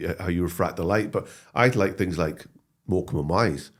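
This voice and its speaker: A man, a comedy actor talking as a guest in a casual interview, animated and prone to restarts. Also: deep voice, fairly quick. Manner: animated storytelling with frequent restarts.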